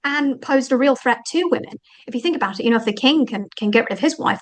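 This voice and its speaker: A woman talking as the guest author in an interview, animated and thinking aloud with frequent fillers. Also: fairly high pitch, quick pace, low-quality recording. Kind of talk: conversational interview.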